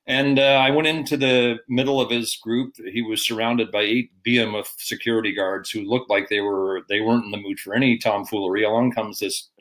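A man's voice: lowish voice, fairly even intonation, a little fast, few pauses, a bit bright, low-quality recording. An older man, a veteran sportscaster, telling a long anecdote in a rambling, self-deprecating way. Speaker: guest, veteran hockey broadcaster. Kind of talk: casual storytelling.

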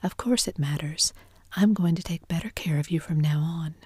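Whispered role-play: woman voicing a brash bullying husband, low breathy hush, close and dry. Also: moderate pace, no echo. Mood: scornful. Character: brash domineering wealthy husband, man.

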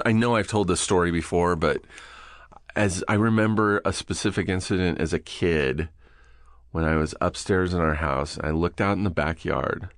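Man, low voice, profane, self-mocking, casual podcast chat, dry close sound. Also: vocal fry, no echo. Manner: acts out his own muttering in a higher voice. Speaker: podcast host.

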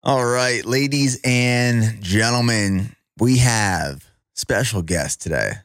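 A man's voice: mid-range voice, takes it slowly, fairly bright tone, dry recording, studio quality. A man hosting a casual podcast interview, upbeat and teasing. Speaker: podcast host.

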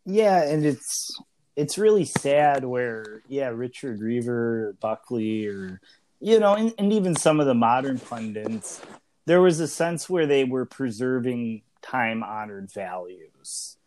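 A man in his early thirties co-hosts a casual podcast discussion. He talks in a loose, conversational way, often restarting his sentences and leaning on fillers. His voice sits at an ordinary middle pitch for a man. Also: animated, slow, a little mellow. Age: early 30s. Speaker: podcast co-host.

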